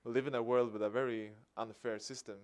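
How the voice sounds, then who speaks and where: Swedish guy giving a talk, mid pitched, acts out the back and forth with a little laugh. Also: fast talker, clear, resonant tone. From Sweden. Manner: lively storyteller acting out dialogue with a chuckle. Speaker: activist speaker. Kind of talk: public talk.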